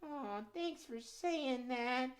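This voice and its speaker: Man puppeteer doing a timid, sweet young muskrat, hesitant, higher and softer than his own voice. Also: heavily acted. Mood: grateful. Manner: slow, hesitant, soft-spoken.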